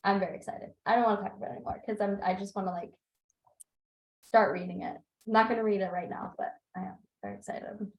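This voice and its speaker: On a video call with roomy audio, a young woman at a book club talks fast in a mid-range voice with vocal fry. She chats casually and animatedly, telling stories through laughter and quoting herself in lively voices.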